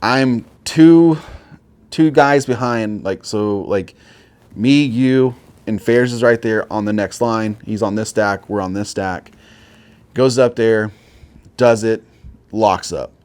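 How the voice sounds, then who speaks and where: A man's voice: on the low side, slow, darkish tone. Profane rambling man telling war stories. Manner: profane, rambling, heavy on filler words. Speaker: veteran interview guest. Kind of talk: casual war storytelling.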